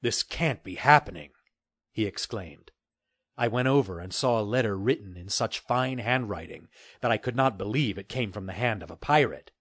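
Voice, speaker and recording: A man narrating a children's adventure novel with steady, expressive storytelling. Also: lowish voice, normal speed, dry recording, clean studio sound. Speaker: audiobook narrator. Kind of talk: scripted narration.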